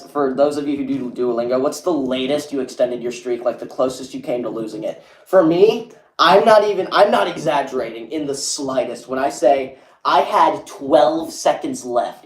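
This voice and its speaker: A young male streamer with a medium-pitched, darkish voice chats casually on a livestream in an echoey room. He rambles, reads viewers' messages aloud, and says "like" a lot.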